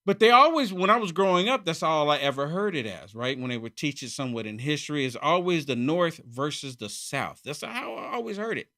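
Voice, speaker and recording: Emphatic man ranting in a high, bright voice. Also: expressive, fairly quick, few pauses. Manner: emphatic, repeats phrases for effect. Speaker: channel host. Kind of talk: political commentary monologue.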